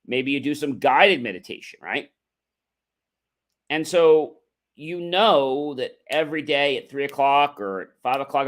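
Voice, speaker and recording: A middle-aged man talks straight to his viewers in a coaching tone. His pitch sits mid-range. He works through rhetorical questions and stresses his main points hard. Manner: emphatic, coaching delivery with rhetorical questions and acted-out example dialogue. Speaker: motivational livestream host. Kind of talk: motivational talk to viewers.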